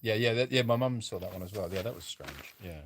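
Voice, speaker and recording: A man's voice: on the low side, fast talker, noisy background. A man co-hosting a casual live chat, musing aloud and rambling. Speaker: sanctuary co-host.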